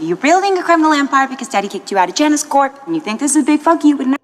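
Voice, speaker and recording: Snarky cartoon gal, high and bouncy, music playing under it. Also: female voice, sing-song. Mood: sarcastic. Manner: snarky, rapid, mocking. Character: wisecracking young woman cartoon antihero.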